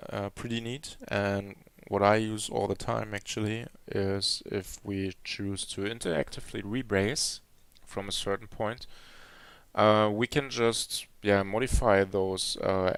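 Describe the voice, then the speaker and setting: A man's voice: on the low side, gravelly, a bit bright, smooth, dry recording. A man giving a live coding demo at a conference, talking hesitantly with many fillers and restarts. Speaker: conference speaker. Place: conference hall.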